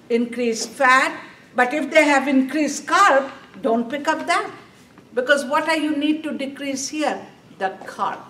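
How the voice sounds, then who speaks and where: Slow, echoey woman lecturing a class. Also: high voice, fairly bright tone. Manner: asks the class questions and answers them herself. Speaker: nursing exam instructor. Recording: echoey classroom from a distance, faint room noise.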